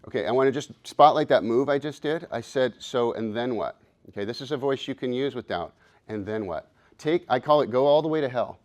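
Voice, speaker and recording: A man's voice: medium pitch, fast talker, hardly any pauses, a little mellow. Upbeat man in his fifties coaching. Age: 50s. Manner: upbeat, playful, encouraging. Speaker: workshop presenter and coach. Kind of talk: live workshop talk. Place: conference workshop room.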